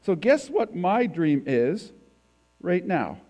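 Standing in a church sanctuary, this visiting preacher talks with the congregation in a conversational sermon, posing questions to them. He speaks slowly in a high-sitting, darkish voice with big swings in pitch.

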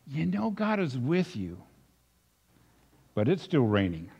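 A male pastor preaching a sermon in a reflective way, dropping soft and then rising with emphasis. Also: mid-range voice, wildly swooping pitch, slow pace, gravelly, long pauses, slightly rough. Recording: dull recording with long reverb.

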